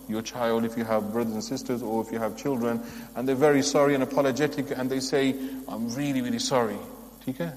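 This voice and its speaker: A man's voice: medium pitch, a little mellow. A man giving a religious lesson, earnest and emphatic, asking his listeners pointed rhetorical questions. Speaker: religious teacher. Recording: long hall reverb.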